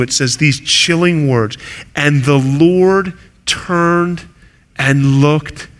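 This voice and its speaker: A man's voice: fairly high pitch, a bit bright. A man preaching a sermon as pastor, earnest and building to intense emphasis. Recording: preaching in a hall with long reverb.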